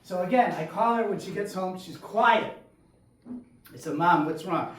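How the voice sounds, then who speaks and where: A man doing solo stand-up storytelling on a theater stage, animated and acting out his family, sometimes shouting punchlines. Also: sits high, a little slow. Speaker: stand-up comedian. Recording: echoey room, voice from far off.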